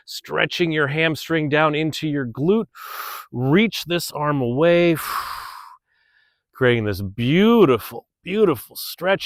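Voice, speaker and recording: An upbeat middle-aged man coaches a stretching routine in an easy, chatty way, sighing as he moves. His voice sits in a middle range. The sound is close and dry, with no room echo. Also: mid-range voice. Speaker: fitness instructor. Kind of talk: guided stretching class. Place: outdoors under open sky.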